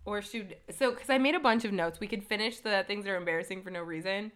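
A woman co-hosting a podcast, chatting casually and telling stories in an animated way with lots of fillers. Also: medium pitch. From Italian-American. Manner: animated, quick storytelling with many fillers. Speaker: podcast co-host. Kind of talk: casual chat.

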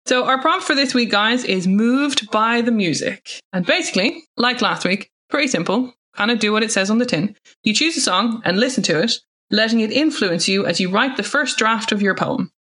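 A young woman co-hosting a podcast, chatting and ranting playfully with animated quoted voices. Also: a little high, normal speed, slightly rough. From Ireland. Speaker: podcast co-host. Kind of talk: casual chat. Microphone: home recording.

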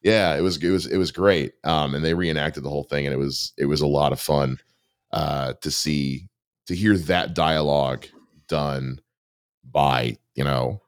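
A man co-hosting a podcast in casual chat, talking haltingly with many fillers. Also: extremely low pitch, steady tone, dry recording, studio quality. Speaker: podcast co-host.

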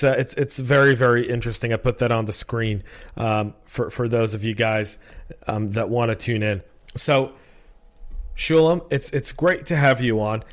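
Chatty rambling male podcast host. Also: medium pitch. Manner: chatty, rambling, repeats words. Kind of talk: casual podcast interview.

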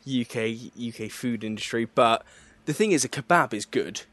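Young bloke hosting a podcast, banter-heavy, laughs a lot, remote call. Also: male voice, medium pitch, fairly bright tone, dry recording. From southern England. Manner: jokey, chatty banter, quick to laugh. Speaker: podcast host. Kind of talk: casual chat.

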